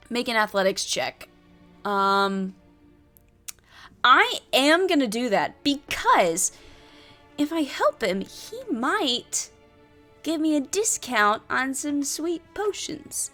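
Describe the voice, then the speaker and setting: A woman's voice: fairly high pitch, big pitch swings, takes it slowly, long pauses, pushed and bright, soft background music. A woman reading and playing through a solo tabletop adventure, with chatty asides and many fillers. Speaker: solo game player and narrator.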